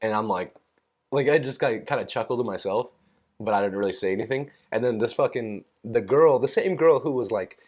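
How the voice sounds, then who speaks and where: A young man tells a story on his solo podcast in a fairly low voice. He rambles, swears freely and fills every pause with fillers. He keeps laughing at his own anecdotes. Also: lively intonation, a little mellow. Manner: amused, laughs at own stories. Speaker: podcast host. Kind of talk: casual solo rant.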